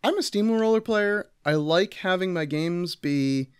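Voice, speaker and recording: Higher-voiced opinionated podcast co-host. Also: male voice, unhurried, clear, resonant tone, dry recording, studio quality. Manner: animated, opinionated. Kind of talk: casual roundtable chat.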